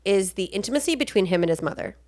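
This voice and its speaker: A woman's voice: mid-range voice, lively intonation, fast, darkish tone. A woman with a Long Island accent co-hosting a podcast, chatting casually about a film with lots of fillers. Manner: chatty, full of fillers, does voices. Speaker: podcast co-host. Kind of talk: casual film review chat.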